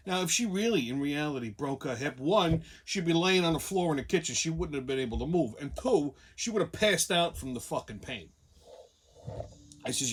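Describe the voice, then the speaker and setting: A man's voice: fairly high pitch, a little fast, breathy edge. A man telling a long profane story in a casual rant, often acting out other people's lines. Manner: profane, animated, jumps into quoted voices. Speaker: show host.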